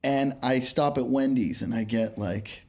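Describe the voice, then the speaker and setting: A comedian in casual chat, telling a rambling story. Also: male voice, mid-range voice, a little slow, darkish tone.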